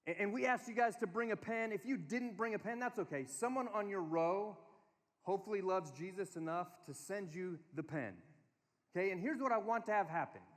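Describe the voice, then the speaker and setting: A man preaching to a conference crowd, telling family stories in an animated way and giving the room instructions. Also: high voice, a little fast. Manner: storytelling, animated, quotes his kids in a small voice. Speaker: speaker. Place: large hall. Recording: long hall reverb.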